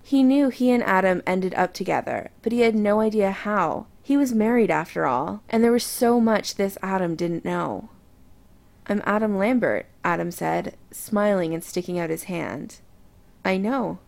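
A woman narrating romance fiction aloud with soft, intimate storytelling. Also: mid-range voice, moderate pace, vocal fry, hardly any pauses.

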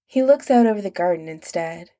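A woman narrating an audiobook in calm, even scripted storytelling. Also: on the low side, fairly quick.

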